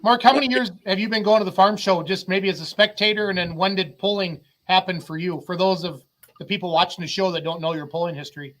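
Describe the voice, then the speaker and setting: A man's voice: high voice, fairly even intonation, quick pace, fairly bright tone. A man co-hosting a casual livestream interview, joking and teasing. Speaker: co-host.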